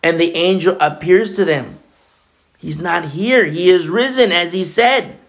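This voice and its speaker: A man preaching a sermon as pastor, in a conversational, animated way full of asides. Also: high-pitched, measured pace, gravelly.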